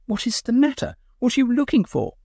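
A man voicing a peevish, coddled, plump young man who talks in a shrill, fussy way. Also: very animated, moderate pace, vocal fry, a little mellow, dry recording, clean studio sound, heavily acted. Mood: indignant.

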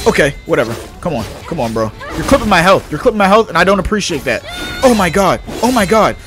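Young man, gameplay commentary, high voice, bright tone, excitable, slangy. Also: fast, faint music behind. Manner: excitable, slangy, yelps and shouts at the game. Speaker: gaming YouTuber.

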